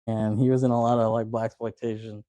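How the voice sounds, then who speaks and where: A man hosting a casual movie podcast, retelling scenes with quick voice impressions and laughing often. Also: on the low side, flat delivery, dark tone, no room sound, low-quality recording. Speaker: podcast host.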